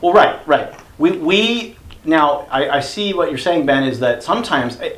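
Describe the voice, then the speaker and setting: Here the small-group leader sounds higher-pitched and animated, talking at a moderate pace with a fairly bright tone. He rambles through the casual church teaching discussion, full of fillers and corrections to himself. Faint background noise and a roomy echo fill the basement meeting room.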